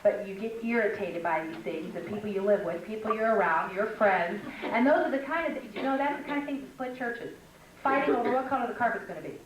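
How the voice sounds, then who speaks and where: At a women's conference, an older woman teaches with a mid-range voice, animated and brisk, her talk chatty, funny and full of stories. The mic is far off in an echoey hall, with background noise.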